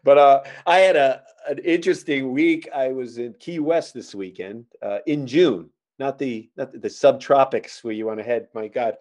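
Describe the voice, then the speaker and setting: A darkish, mid-range male voice moves at normal speed with hardly any pauses. He's a middle-aged podcast host and stand-up comic, rambling and joking through casual storytelling with many fillers.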